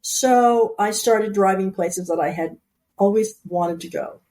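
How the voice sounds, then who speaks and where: A woman's voice: mid-range voice, unhurried, mellow. Outgoing woman in her sixties telling stories. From New York. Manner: outgoing, storytelling with quoted asides. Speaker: guest author. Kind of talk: casual conversation.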